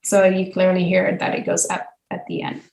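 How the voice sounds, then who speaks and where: A woman's voice: on the low side, completely flat delivery, moderate pace, vocal fry, a little mellow. A woman linguistics professor giving an academic lecture with slides, explaining patiently with frequent ums and uhs. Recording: echoey room.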